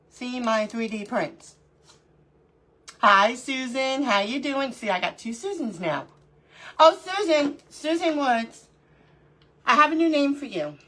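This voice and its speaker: Speaking in a high, somewhat bright voice, a middle-aged livestream host works on her crafts. She chats casually, greets viewers by name, and talks to herself along the way.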